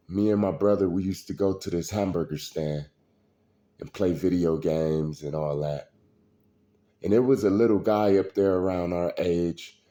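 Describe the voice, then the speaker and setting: A middle-aged man, telling stories in a slow, preachy street style. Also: deep voice, warm tone. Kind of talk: casual storytelling monologue.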